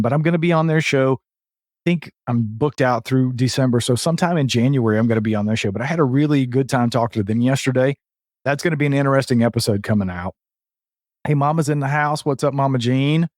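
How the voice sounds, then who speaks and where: A man's voice: medium pitch, darkish tone, no room sound, studio quality. A man hosting a live podcast, upbeat and chatty, greeting viewers in the chat as he talks. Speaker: podcast host.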